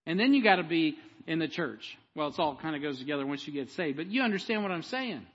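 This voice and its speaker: A man preaching a sermon with passion, swinging between loud emphasis and hushed storytelling. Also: a little high, lively intonation, quick pace, hardly any pauses, husky. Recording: dull, echoey hall.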